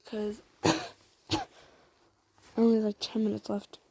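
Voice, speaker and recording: A woman's voice: a little high, wildly swooping pitch, slow pace, a little mellow, breathy edge. A woman improvising a fan-fiction story, rambling casually with many asides and fillers. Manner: rambling, lots of "like", self-commenting.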